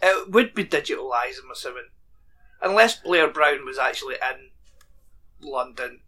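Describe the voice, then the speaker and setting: A man's voice: mid-range voice, lively intonation, moderate pace, sharp tone. A man co-hosting a casual podcast, chatting about a TV show and reading plot summaries aloud. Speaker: podcast co-host. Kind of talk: casual chat.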